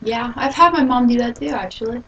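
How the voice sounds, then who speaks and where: A woman's voice: a little high, brisk, a bit bright, highs cut off. A young woman chatting casually with a friend, joking playfully and laughing often. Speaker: guest friend. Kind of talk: casual chat. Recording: distant mic with faint noise.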